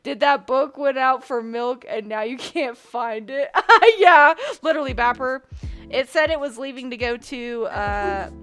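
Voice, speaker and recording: A woman's voice: high voice, expressive, a little slow, a bit bright, clean tone, soft background music. A woman streamer chatting casually with her viewers, giggling often and getting flustered and apologetic. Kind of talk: casual live-stream chat.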